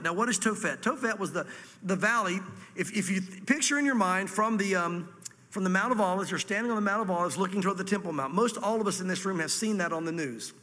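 A man's voice: high voice, quick pace, pushed and bright, long reverb tail. A man from Virginia with a Southern accent, a pastor teaching a sermon through scripture with folksy asides. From Virginia, USA. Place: church hall before a congregation.

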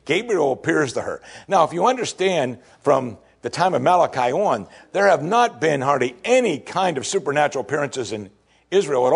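Male pastor, middle-aged, husky, lively delivery; sermon read. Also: on the high side. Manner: animated, emphatic, acts out quoted lines.

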